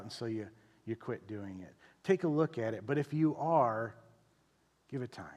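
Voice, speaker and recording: Man preaching in a reverberant church hall. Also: mid-range voice. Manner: conversational preaching, frequent tag question "right?"; repeats phrases for emphasis. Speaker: pastor. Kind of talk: sermon. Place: church sanctuary.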